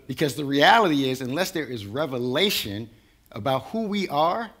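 A man's voice: medium pitch, sing-song, moderate pace, a bit bright. A man preaching a sermon in a conversational way, building to rising intensity. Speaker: pastor.

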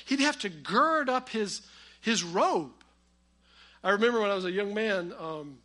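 High-voiced bright preacher. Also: male voice. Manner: storytelling with humor, swings between loud emphasis and quiet asides. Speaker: pastor. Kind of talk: sermon.

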